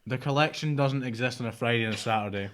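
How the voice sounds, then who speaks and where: Give me a man co-hosting a relaxed podcast, talking loosely and trailing off into low mutters. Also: fast talker. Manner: rambling, swears casually, drops to mutters. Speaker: podcast co-host. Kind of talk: casual chat.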